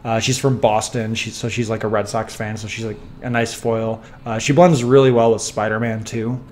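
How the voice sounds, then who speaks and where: A man's voice: lowish voice, steady tone, moderate pace, a little mellow, slight background noise. A man co-hosting a casual podcast from home on a sensitive mic, talking eagerly with many restarts and fighting a dry cough. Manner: enthusiastic, rambling with restarts and fillers. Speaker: podcast co-host. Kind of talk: casual chat. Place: home room. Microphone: sensitive studio mic.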